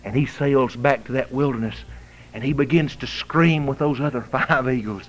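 A male pastor preaching a fiery revival sermon in a church, swinging from shouting to hushed whispers, with a Southern US accent. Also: medium pitch, moderate pace, a little hiss or hum, poor audio. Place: church sanctuary.

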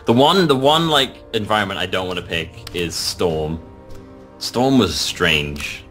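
A man commentating a game he plays, excitable, often yelping and laughing. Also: sits low, unhurried, faint music behind. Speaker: gaming channel host. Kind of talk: let's play commentary.

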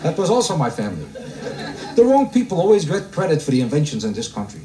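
Kvetching stand-up comedian, roomy live recording. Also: male voice, a little high, fast. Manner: deadpan kvetching delivery, rhetorical questions to the crowd. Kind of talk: stand-up routine before a live audience. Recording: roomy live club recording, mic heard from a distance. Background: audience laughter.

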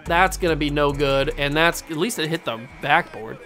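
A young man giving casual live commentary on a basketball video game, getting worked up and yelling at his players, then owning his mistakes. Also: fairly high pitch, moderate pace, faint music behind. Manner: excitable, yells at his players, then blames himself. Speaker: gaming YouTuber playing a basketball video game.

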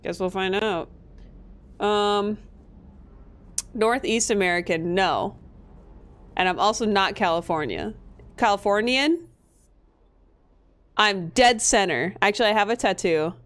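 A woman's voice: mid-range voice, a little slow, pauses often, fairly bright tone. A young woman from Minnesota giving casual gameplay commentary, chatty, swearing freely and laughing often. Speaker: streamer.

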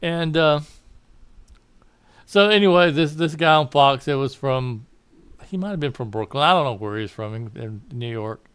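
This political commentator, a man with a Southern American accent, has a voice on the high side that's expressive and a bit bright, delivered at normal speed with a clean, echo-free tone. He rambles through his political opinions, often correcting himself and laughing at his own asides.

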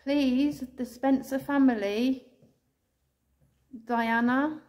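An English woman ghost hunter calling out to spirits indoors, speaking slowly and tenderly, sometimes tearful, recorded on a handheld camera. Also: high-pitched, steady tone. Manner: soft, pleading, slow and tender, calling out with endearments. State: tearful at times.

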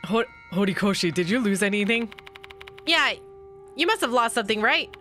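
Woman reading a calm young male investigator. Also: mid-range voice, soft background music. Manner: polite, measured questioning.

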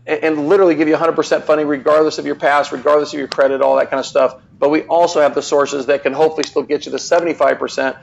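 A man telling a personal story as a guest on a live show, earnest and animated, with many restarts. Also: fairly high pitch, quick pace, vocal fry, few pauses, highs cut off, slight background noise.

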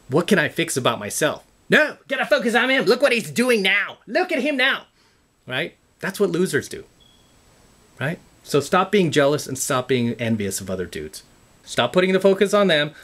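A man giving a blunt, profane motivational talk to camera, lecturing his viewers over and over. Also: mid-range voice. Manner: emphatic, repetitive, blunt and profane; lecturing, calls the audience "guys". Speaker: self-improvement vlogger.

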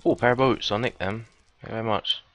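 A man giving cheeky, casual gameplay commentary, swearing often and breaking into sudden high, excited yelps. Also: fast. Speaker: let's player.

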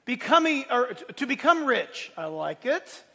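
A male pastor preaching a sermon, swinging between loud, emphatic declarations and quiet asides. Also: very high-pitched, big pitch swings, moderate pace, gravelly. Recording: long hall reverb.

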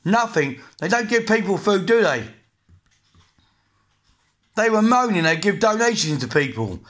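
A man's voice: high-pitched, big pitch swings, a little slow, fairly bright tone. An English man in his forties ranting angrily to camera, blunt and repetitive, swearing often. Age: 40s. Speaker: vlogger. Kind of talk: angry rant to camera.

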